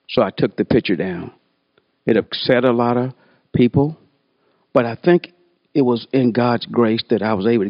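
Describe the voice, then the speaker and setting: A man's voice: medium pitch, dry recording, muffled recording. A man in his sixties telling personal stories from his life, acting out the people he quotes. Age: 60s. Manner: animated, acts out voices in quotes. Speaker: storyteller. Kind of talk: personal storytelling talk.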